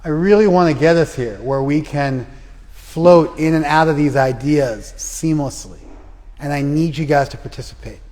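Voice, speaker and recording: A man's voice: a little high, normal speed, darkish tone. Blunt teasing man quizzing a class. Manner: blunt, teasing, calls on students by name. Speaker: Bhagavad Gita teacher. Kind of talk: interactive class lecture, quizzing students. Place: class in a reverberant room. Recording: long room reverb.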